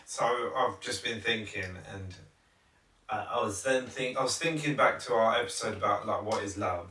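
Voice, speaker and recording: A man co-hosting a podcast, asking probing questions in casual chat with halting restarts. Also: on the low side, sharp tone, far from the mic. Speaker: podcast co-host. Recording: roomy, off-mic sound.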